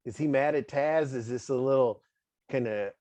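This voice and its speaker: A man's voice: mid-range voice, moderate pace, warm tone, no room sound. A man hosting a casual wrestling interview, chatty and laughing often as he asks questions. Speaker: interview host. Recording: dry, dull lo-fi audio.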